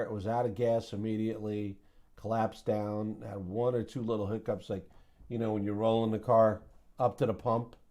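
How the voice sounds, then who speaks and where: Mellow-voiced man hosting a trading recap. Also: fairly low pitch. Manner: chatty and joking, with sound-effect mimicry. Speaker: host of a trading recap show. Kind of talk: casual market recap monologue.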